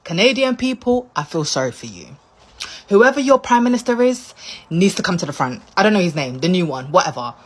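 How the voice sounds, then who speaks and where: A woman's voice: lowish voice, sing-song, a little fast. A British woman, a vlogger on holiday, ranting to the camera in a mock-outraged, exclaiming way and repeating herself for effect. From United Kingdom. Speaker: visiting vlogger.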